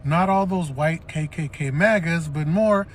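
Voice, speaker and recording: A man speaking to the camera in a measured, disappointed tone, asking viewers for their opinions. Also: a little high, slight background noise. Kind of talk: commentary video addressing viewers.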